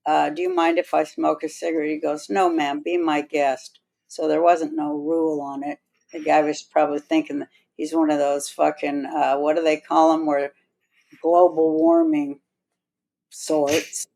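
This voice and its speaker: A woman's voice: deep voice, moderate pace, gravelly, warm tone, rough recording. A woman hosting a podcast, telling a long rambling anecdote in casual chat and acting out other people's lines as she goes. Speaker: podcast host.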